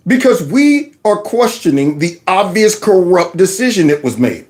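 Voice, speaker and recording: A man hosting a political commentary show, animated and mocking, slipping into impressions. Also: normal speed, hardly any pauses. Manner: animated, mocking impressions, lively pitch swings.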